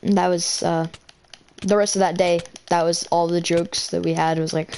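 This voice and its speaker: A teenage girl with a slightly low voice rambles through a school story between moves in a game. She stumbles over words and restarts constantly, filling gaps with "uh" and "like". It sounds like a casual, unscripted storytime. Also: fairly even intonation, moderate pace, gravelly, a little mellow, a little hiss or hum. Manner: rambling, filler-heavy, self-correcting. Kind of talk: casual storytelling while gaming.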